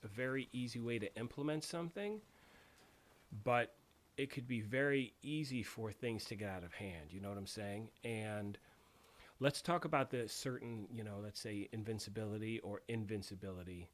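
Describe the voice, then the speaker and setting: A man's voice: lowish voice, moderate pace. A man hosting a casual live stream, chatting loosely with many fillers and answering viewers. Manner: rambling, conversational, many fillers; reads and answers chat. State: throat clearing after choking on tea. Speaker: livestream host.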